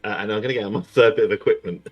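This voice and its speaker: A man chatting casually at a tabletop game, voice on the low side, often breaking into a laugh. Faint music sits behind him. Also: steady tone, rapid-fire, highs cut off. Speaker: player.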